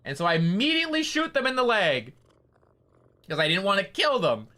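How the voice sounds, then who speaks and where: A man's voice: high-pitched, huge pitch swings, brisk, sharp tone. A man casually recounting a game story on his stream, rambling and swearing with lots of fillers.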